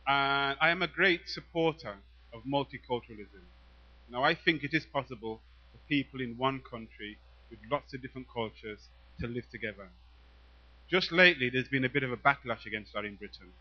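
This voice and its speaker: A man's voice: medium pitch, a little fast, highs cut off. A man, a poet, performing rhythmic spoken-word verse and chatting loosely between pieces to a live audience. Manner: rhythmic, emphatic declaiming, relaxed asides with fillers. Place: live venue before an audience.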